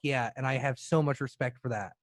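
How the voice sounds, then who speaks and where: A man's voice: mid-range voice, brisk, dry recording. A man hosting an interview, asking questions and giving effusive praise. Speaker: radio show host. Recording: dry close sound.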